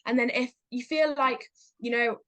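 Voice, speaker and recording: A woman's voice: on the high side, steady tone, moderate pace, a bit bright, dry recording. A teenage girl chatting as an interview guest about her acting, upbeat and full of fillers, acting out little quotes as she talks. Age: teens. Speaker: guest, young actor. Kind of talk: casual interview chat.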